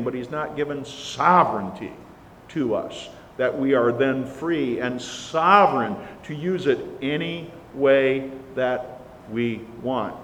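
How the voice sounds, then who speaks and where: A man with a somewhat high voice preaches with earnest emphasis, leaning hard into the words he stresses. His voice rings out in a church sanctuary with a long reverb tail. A faint hiss sits under the recording. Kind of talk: sermon.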